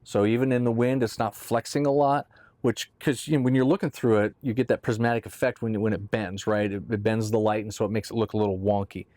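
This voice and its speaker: Low-voiced man explaining, dry sound. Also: fairly even intonation, fast, darkish tone, no room sound. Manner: conversational, with restarts and "right?" check-ins. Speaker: boat owner explaining boat tops. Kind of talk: casual how-to explanation.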